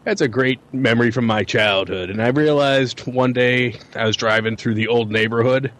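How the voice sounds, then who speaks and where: A man of middle pitch reminisces at an easy pace on a casual podcast. He pauses on ums and uhs and swears now and then as he drifts through his memories. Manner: relaxed reminiscing with fillers. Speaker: podcast co-host. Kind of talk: casual chat.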